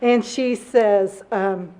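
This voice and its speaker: A woman in her thirties giving a candid personal testimony at a recovery meeting, self-deprecating and quick to laugh. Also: medium pitch, background noise.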